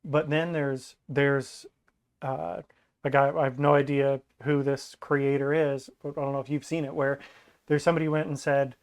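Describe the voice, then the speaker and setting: A man as a podcast guest in casual chat, animated and acting out quoted lines in mocking voices. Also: medium pitch, normal speed, clear, resonant tone.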